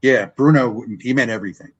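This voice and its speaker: An older wrestling ring announcer speaks a little fast in a mid-range voice, though the audio is dull. As a guest in a casual interview, he tells stories with animation, acting out remembered dialogue.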